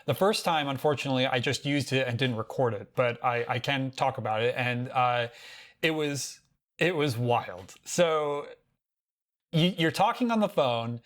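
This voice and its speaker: Animated American man co-hosting a podcast. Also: medium pitch, moderate pace. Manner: animated storytelling with frequent restarts. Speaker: podcast co-host. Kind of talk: casual tech podcast chat.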